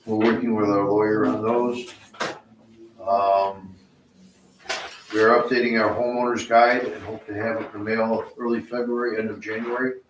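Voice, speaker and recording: A man giving a highway department report at a township board meeting, plain and matter-of-fact with frequent hesitations. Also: flat delivery, moderate pace, background noise. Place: indoor township meeting room. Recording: echoey meeting room, mic far off.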